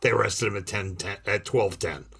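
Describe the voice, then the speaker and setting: A man's voice: fairly low pitch, normal speed, creaky, pushed and bright, breathy edge. A man co-hosting a podcast, animatedly retelling jokes in casual chat. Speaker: podcast co-host.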